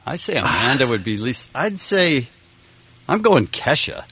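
A man's voice: medium pitch, very animated, measured pace, a bit bright, breathy edge, dry recording. A man co-hosting a radio show, keeping score and teasing the others competitively during a guessing game. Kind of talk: casual game banter.

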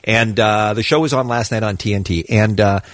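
A man co-hosting a morning radio show, chatting quickly about award shows. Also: on the low side, fairly even intonation, no room sound. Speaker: radio co-host. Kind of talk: entertainment news chat.

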